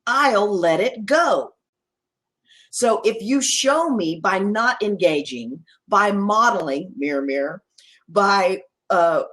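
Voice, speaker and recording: A woman's voice: mid-range voice, fairly bright tone, low-quality recording. A woman guest expert in a discussion, talking in an enthusiastic, emphatic and playful way. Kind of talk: casual discussion.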